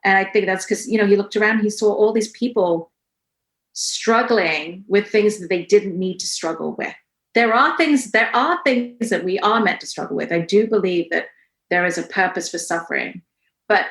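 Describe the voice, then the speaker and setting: A woman's voice: mid-range voice, normal speed. Earnest woman in her forties, roomy sound. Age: 40s. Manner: earnest and emotional, animated storytelling. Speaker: guest. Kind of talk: casual podcast conversation. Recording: roomy echo.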